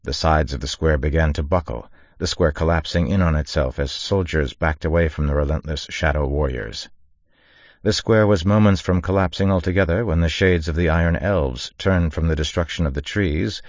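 A man with an extremely deep, low voice gives a measured, dramatic audiobook narration. The recording is dry and close, with a slightly dull, muffled top end. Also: no room sound. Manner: measured dramatic reading, raises voice for shouted orders. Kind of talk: scripted narration.

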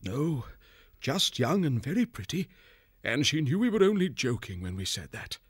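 A man voicing a gentle, kindly male badger lord in an audiobook, speaking in a consoling way. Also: medium pitch, sing-song, normal speed, husky, dry recording, studio quality, pitched above the performer's own voice. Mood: tender. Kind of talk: audiobook character voice.

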